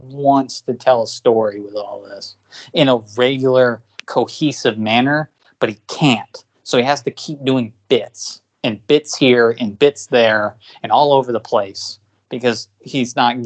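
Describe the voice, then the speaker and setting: A man's voice: mid-range voice, measured pace. A man co-hosting a podcast in casual discussion, talking at length with many fillers and restarts. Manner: rambling, filler-heavy, frequent restarts. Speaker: podcast co-host.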